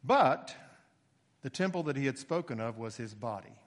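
A man's voice: medium pitch, moderate pace. Man preaching in a reverberant hall. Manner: explanatory, steady teaching tone with occasional emphatic rises. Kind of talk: expository sermon.

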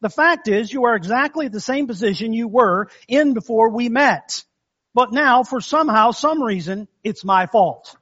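A man's voice: very high voice, expressive, moderate pace, pushed and bright, breathy edge, lo-fi sound, exaggerated voice. A man voicing a dry, matter-of-fact woman engineer in a read-aloud joke, who teases the man above her. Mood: teasing. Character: dry know-it-all woman engineer on the ground.

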